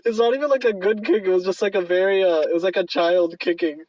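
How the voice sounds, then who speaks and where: A man's voice: high-pitched, fast talker, a little mellow, dry recording, recorded from a distance, muffled recording. A man co-hosting a podcast, chatting casually about movies in a rambling way with many fillers. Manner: rambling, lots of fillers and laughs. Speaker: podcast co-host. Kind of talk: casual movie review chat.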